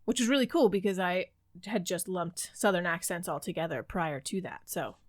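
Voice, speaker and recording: A woman co-hosting a book podcast, chatty and quick to laugh. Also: on the low side, no room sound, clean studio sound. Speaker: podcast co-host. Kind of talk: casual chat.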